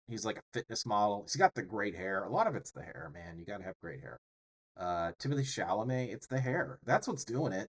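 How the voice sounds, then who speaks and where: A man teaching public speaking in a chatty, joking lecture full of rambling asides. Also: on the low side. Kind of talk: casual lecture.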